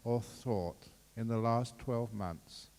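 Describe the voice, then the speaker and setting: A Buddhist monk giving a dharma talk, jovial and quick to laugh. His voice sits at an ordinary middle pitch. It carries a long reverb from the hall. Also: vocal fry, darkish tone.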